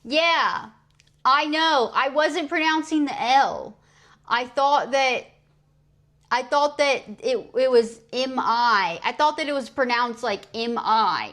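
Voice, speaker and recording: A young woman chats on a live stream at an easy, slow pace, her voice sitting a little high. She jokes about her own slip-ups and keeps repeating the phrases she is practicing. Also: fairly bright tone. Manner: chatty, self-mocking, repeats practice French phrases. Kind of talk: casual live-stream chat. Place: at home streaming. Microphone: streaming mic.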